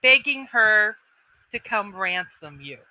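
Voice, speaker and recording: A woman voicing a tall, imperious elvish woman who keeps slaves, speaking softly and possessively in a tabletop role-play. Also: medium pitch, sing-song, slow, no echo, dull audio, exaggerated voice. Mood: scheming.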